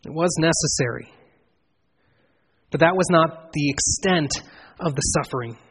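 An earnest man preaching a sermon, his voice set a little high with a husky edge. He builds to emphatic swells and then sinks low again. A long hall reverb trails after his words. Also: unhurried. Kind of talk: expository sermon.

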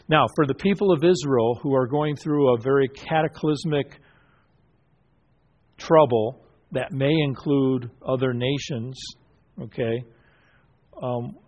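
A man with a slightly mellow mid-range voice leads a Bible study, asking the group questions and affirming what they say. The recording is muffled, and he talks haltingly with frequent fillers and restarts.

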